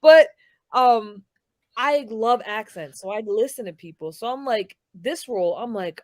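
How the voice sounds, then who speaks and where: A woman's voice: sits high, expressive, normal speed, no room sound. Female guest, Rhode Island accent, blunt and salty, dry close recording. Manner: blunt and salty, curses freely. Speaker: guest, boxer and actor. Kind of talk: casual chat.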